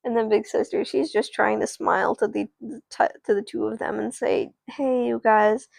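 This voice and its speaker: A woman's voice: on the high side, fairly even intonation, brisk, creaky, dry recording. A woman streamer casually narrating an improvised doll story, rambling and chatting to viewers. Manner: rambling, restarts, chats to viewers.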